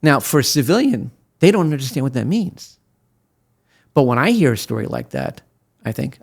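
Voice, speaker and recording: Animated storytelling older man. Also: mid-range voice, normal speed, vocal fry, breathy edge. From Brooklyn, USA. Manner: animated storyteller with many fillers and restarts who acts out quotes. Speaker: guest, veteran attorney. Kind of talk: interview storytelling.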